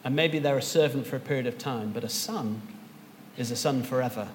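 A man's voice: medium pitch, a little fast, long reverb tail, a little hiss or hum. A man preaching a sermon as pastor, earnest and rising to emphatic peaks.

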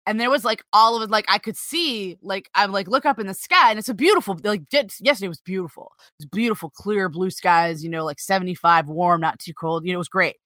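A woman talking casually with a bright, sharp edge to her voice, filling her sentences with "like" and cursing without a second thought. The sound is close and dry. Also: medium pitch, brisk, hardly any pauses, dry recording. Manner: loose, peppered with "like", swears freely. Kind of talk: casual chat.

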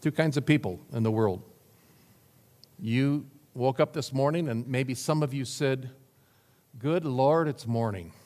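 Speaking at medium pitch and a measured pace, this man has a slightly mellow voice. He's a pastor delivering a sermon full of stories, chuckling and voicing the characters he quotes, and the hall around him is reverberant.

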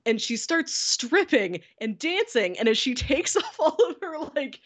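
Animated woman co-hosting a podcast. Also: high voice, unhurried. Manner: animated storyteller, enthusiastic. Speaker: podcast co-host. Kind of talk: casual chat.

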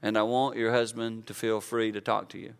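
A man's voice: fairly low pitch, little pitch movement, a little fast, creaky, clear, resonant tone. A man in his fifties preaching an earnest, conversational sermon, acting out quotes to make his point. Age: 50s. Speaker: pastor.

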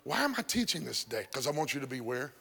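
A male pastor preaching a sermon, breaking into shouts and sung phrases, then dropping to a hush. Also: mid-range voice, sing-song, fast, vocal fry, husky, big-room sound. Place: church sanctuary.

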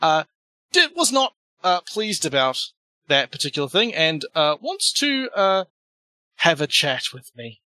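Man, tabletop player, halting in-character storytelling, slightly high, dry close sound. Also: big pitch swings, sharp tone, no echo. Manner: halting, full of restarts and fillers.

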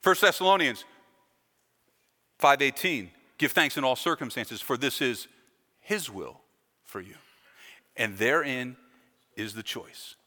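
Emphatic pastor, bright voice, echoing hall. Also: male voice, medium pitch, lively intonation, takes it slowly, pauses often. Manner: emphatic, rising and falling delivery with repeated phrases. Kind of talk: sermon. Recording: long hall reverb.

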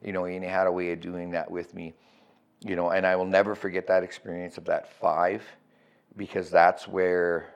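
A man's voice: deep voice, flat delivery, normal speed, vocal fry, clean tone, dull audio. A middle-aged man telling his recovery story as a guest, candid and profane, often checking in with "right?".

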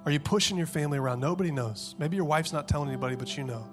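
A man in his thirties preaching a sermon with passion, dropping to hushed tones and then rising to loud, urgent peaks. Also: on the high side, very fast, over music. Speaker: pastor.

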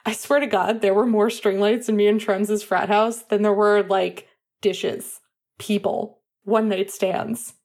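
A woman reading aloud who voices a chatty, eager young male college athlete, talking in quick, slightly flustered rambles. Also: medium pitch, steady tone, a little mellow. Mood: rambling. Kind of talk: audiobook character voice.

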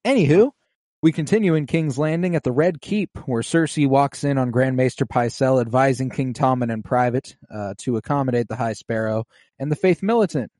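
A man co-hosting a casual rewatch podcast, recapping scenes with profane enthusiasm. He slips into quick impressions of the characters. His voice sits at a middle pitch and is recorded close and dry, with no room sound. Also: a little mellow, dry recording. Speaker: podcast co-host.

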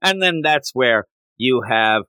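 A man co-hosting a casual podcast chat, animated and quick to act out lines from the story. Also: mid-range voice, clean tone, no room sound. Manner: animated, acts out quoted characters in passing. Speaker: podcast co-host.

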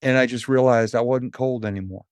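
Middle-aged guy telling a story on a podcast, lively, does little voices for people, dry close mic. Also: medium pitch, brisk, dry recording. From New Hampshire. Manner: animated storyteller who acts out quoted voices. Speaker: motivational speaker and coach.

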